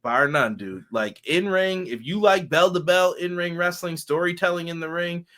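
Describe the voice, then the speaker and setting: A man's voice: high voice, normal speed, a bit bright. A male co-host, chatting casually and animatedly on a live wrestling stream, often exclaiming and swearing.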